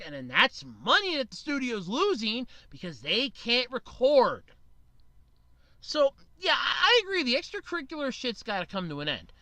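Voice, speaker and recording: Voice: medium pitch, bright, forceful tone, no room sound. A podcast host giving blunt, opinionated solo commentary, swearing casually and rambling with restarts.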